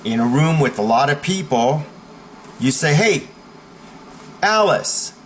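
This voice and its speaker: A man's voice: mid-range voice, normal speed, a little hiss or hum, poor audio. A man teaching how to stand up to bullies, speaking emphatically and checking in with the listener with a frequent "okay?". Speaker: self-help teacher. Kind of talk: instructional talk.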